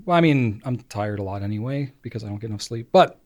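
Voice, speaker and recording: A man's voice: fairly low pitch, animated, quick pace, a little mellow. A man in his late thirties co-hosting a podcast, chatting in an easygoing, rambling way. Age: late 30s. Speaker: podcast co-host. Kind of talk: casual chat.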